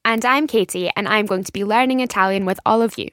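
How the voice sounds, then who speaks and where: A woman's voice: mid-range voice, fast, fairly bright tone, no echo, studio quality. Eager woman learning alongside listeners. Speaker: learner co-host. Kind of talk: scripted podcast lesson.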